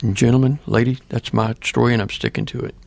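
A man's voice: mid-range voice, steady tone, quick pace, vocal fry, a little mellow, no echo. An older man, a pastor, earnestly telling a personal story in plain words during an interview. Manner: plain-spoken, earnest, acts out remembered dialogue.

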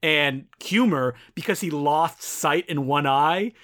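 A man with a fairly high voice, co-hosting a relaxed podcast. Easygoing and chatty, he laughs readily as he talks through cartoon history. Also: slow. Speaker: podcast co-host. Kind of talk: casual film-discussion chat.

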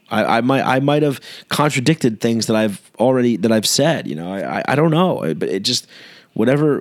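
A man's voice: fairly low pitch, no room sound. A young man hosting his own podcast, telling a long story in a meandering, laid-back way with many fillers and restarts. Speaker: podcast host. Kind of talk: rambling solo podcast monologue.

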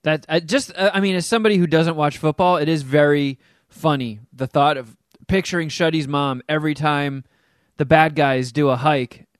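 A man's voice: a little high, steady tone, normal speed, dry recording, clean studio sound. A man chatting casually as a podcast co-host, throwing in teasing jokes. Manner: joking, teasing asides. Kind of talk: casual chat.

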